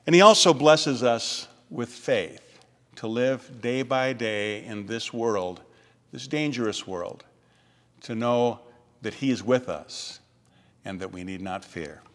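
Man preaching in a reverberant church. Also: fairly low pitch. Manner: measured preaching, slows and softens on key phrases. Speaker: pastor. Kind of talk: sermon. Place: church sanctuary.

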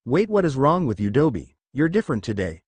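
A man's voice: mid-range voice, big pitch swings, fairly quick, darkish tone, breathy edge, dry recording. A man voicing a brooding, curt teenage boy ninja in a read-aloud fan story. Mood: cold.

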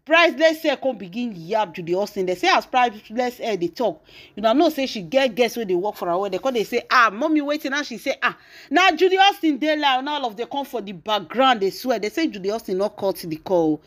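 A woman's voice: mid-range voice, lively intonation, a little fast. A woman with a Nigerian accent hosting a celebrity gossip channel, retelling the story dramatically with exclamations and acted-out quotes.

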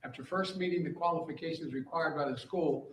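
A man speaking in a measured, explanatory way in a played clip. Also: fairly high pitch. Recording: roomy clip.

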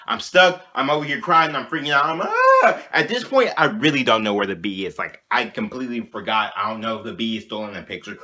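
A young man telling a childhood story in a casual vlog, animated and slangy, often checking in with "you know what I'm saying". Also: medium pitch. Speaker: vlogger.

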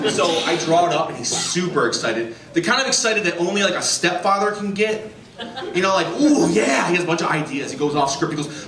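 A man doing a stand-up comedy set in a club, telling stories deadpan and acting out his customers. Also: sits high, a little fast, gravelly. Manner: deadpan storytelling, voicing customers. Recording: roomy, distant, noisy club recording. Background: audience laughter.

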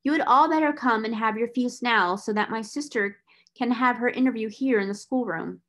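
A woman reading aloud, voicing a fussy schoolmistress who gives brisk, bossy instructions. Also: fairly high pitch, fairly bright tone, close to an everyday voice. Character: fussy female schoolmistress's sister.

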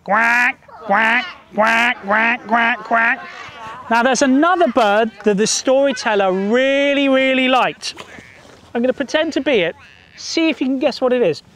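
A man performs a story for children out in a park, his voice rising and falling with lively, playful swings. He draws the little ones in with questions and sing-song lines. Faint outdoor noise sits quietly behind him. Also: very high voice, moderate pace. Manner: animated, sing-song, coaxing audience to join in.

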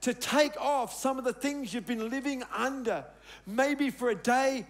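A middle-aged male pastor delivers a sermon in a strikingly high voice. He tells stories from his own life and leans on emphasis, dropping to a quiet, low tone on his key points. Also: unhurried. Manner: emphatic, storytelling, dropping soft on key words.

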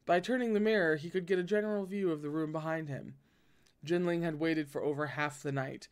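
Man reading a novel aloud, fairly high voice. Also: brisk, clear, resonant tone. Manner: dramatic, swearing reactions between passages. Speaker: audiobook reader and reactor.

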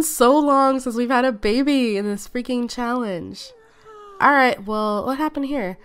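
A woman's voice: a little high, unhurried, a bit bright, clean tone. A woman hosting a casual let's-play video, chatty and often exclaiming as she talks to her game characters. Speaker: gaming video host.

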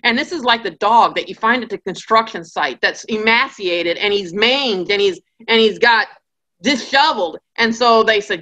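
A woman's voice: on the high side, lively intonation, moderate pace, bright, forceful tone. A woman giving a conversational Bible study lecture, with joking asides and acted-out characters.

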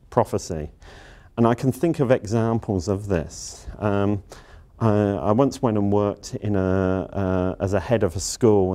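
A man's voice: fairly low pitch, dark tone. A middle-aged man giving a workplace lecture as a university leader, emphatic and blunt, repeating his key phrases.

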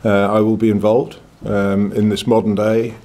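A man's voice: lowish voice, little pitch movement, normal speed, mellow. A man in his sixties with a northern English accent, answering reporters at a press conference in a blunt, confident, plain-spoken way. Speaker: cricket club chairman.

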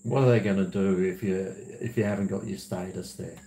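A man's voice: deep voice, steady tone, a little fast, hardly any pauses, warm tone, slight background noise. A man who hosts a livestream, chatting casually, rambling and laughing as he reads viewer messages. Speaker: livestream host. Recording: roomy echo.

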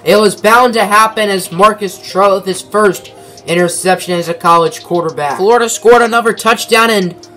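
Young man, gaming commentator, high-pitched, bright voice, play-by-play sportscaster style, dry asides, faint music behind. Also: moderate pace.

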